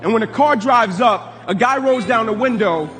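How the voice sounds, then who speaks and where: Guy with a high voice telling a story, voices the other people in it, long hall echo, soft music under it. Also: normal speed. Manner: vivid storyteller, acts out the other people's lines. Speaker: motivational speaker. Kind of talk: personal storytelling talk.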